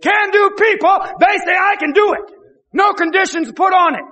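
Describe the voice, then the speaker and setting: A male pastor preaching an impassioned sermon, often shouting and repeating his phrases. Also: very high voice, normal speed, in a large hall.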